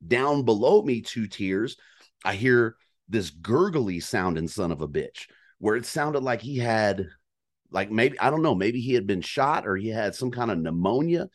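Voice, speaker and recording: Animated, swearing man telling a hunt story. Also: fairly low pitch, measured pace. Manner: animated, profane, mimics elk calls. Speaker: guest storyteller on a hunting podcast. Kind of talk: casual storytelling chat.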